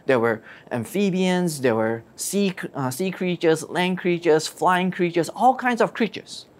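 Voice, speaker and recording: A storyteller retelling a Bible story in a lively way, asking rhetorical questions. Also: mid-range voice, measured pace. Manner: lively, asks rhetorical questions, acts out quotes.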